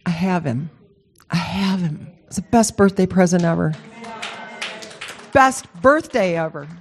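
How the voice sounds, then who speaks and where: A woman telling a personal story in a casual, animated and emotional way, with rambling restarts. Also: on the low side, a little slow. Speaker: speaker sharing a personal story.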